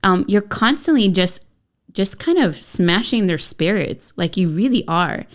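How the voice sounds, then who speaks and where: A woman's voice: medium pitch, animated, measured pace. A woman in her thirties co-hosting a casual parenting podcast, talking candidly and chattily with lots of fillers. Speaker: podcast co-host.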